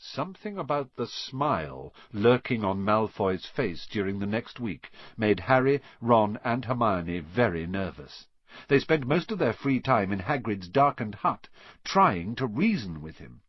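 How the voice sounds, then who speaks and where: A man's voice: lowish voice, sing-song, unhurried, dry recording. A man reading a children's storybook aloud, narrating expressively and voicing each character. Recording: dull dry recording.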